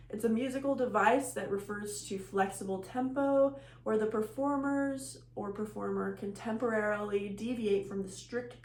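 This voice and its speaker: A woman giving a recorded music lecture, explaining rhythm terms plainly and counting beats aloud. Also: medium pitch. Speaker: music teacher. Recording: echoey room with faint hum.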